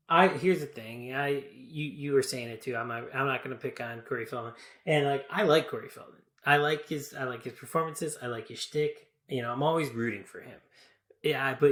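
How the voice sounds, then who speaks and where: A man's voice: mid-range voice, a bit bright, echoey room. A man in his thirties co-hosting a podcast, chatting casually about a movie with frequent laughs and hedging. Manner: laid-back, laughs often, hedging. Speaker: podcast co-host. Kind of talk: casual movie review chat.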